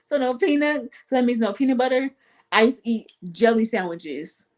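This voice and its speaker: A woman telling casual, self-mocking stories in a playful, animated way, with speech patterns. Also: a little high, moderate pace. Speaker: guest on an online talk show. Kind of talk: casual storytelling monologue.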